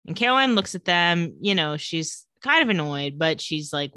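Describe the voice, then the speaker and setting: A woman's voice: on the low side, moderate pace, hardly any pauses, no echo. A woman co-hosting a casual podcast, retelling a TV episode and acting out the characters' lines. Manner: animated retelling with acted-out quotes. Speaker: podcast co-host recapping a TV episode. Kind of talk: casual chat.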